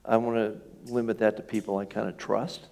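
A man preaching a sermon to his congregation in a relaxed, conversational way, often checking in with questions. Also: lowish voice, brisk, gravelly. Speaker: pastor. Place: church sanctuary.

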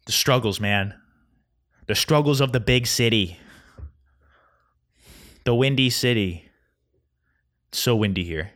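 A young man hosting a solo podcast, rambling through a casual rant at a quick, anxious clip. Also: medium pitch, fairly bright tone. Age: young adult. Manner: fast, rambling, anxious storytelling. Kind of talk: casual ranting monologue. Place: Chicago.

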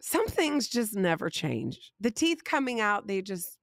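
A woman, hosting a podcast and telling a funny family story in a casual, animated way. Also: medium pitch, measured pace, dry recording. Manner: animated, laughing, rising emphasis on punchlines. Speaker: podcast host.

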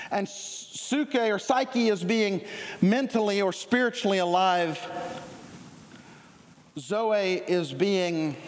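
A man preaching a sermon, energetic and conversational, often restarting his sentences. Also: sits high, a little hiss or hum. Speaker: pastor. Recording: long hall reverb.

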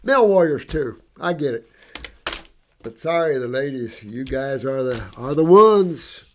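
A man of medium pitch speaks a little slowly with lively intonation, and the recording has a little hiss or hum. He is a natural health practitioner addressing an online audience casually and enthusiastically, rambling about client cases with asides and repetitions, acting out dialogue, and calling people sweetie and honey.

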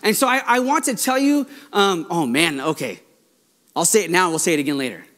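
A male pastor delivering a Sunday sermon, with a light, high-pitched voice. He gets excited and rushes ahead, restarting phrases as he goes. His delivery is informal and earnest. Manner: excitable, talks fast when excited, frequent restarts.

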